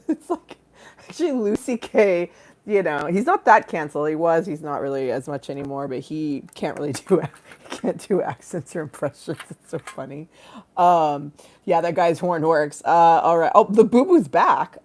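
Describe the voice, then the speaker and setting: A woman's voice: sits low, lively intonation, moderate pace, a little mellow. A young woman hosting a bawdy comedy livestream, chatting loosely, giggling and dropping into irreverent asides. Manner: giggly, irreverent, breaks into shrieking laughter. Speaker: livestream host.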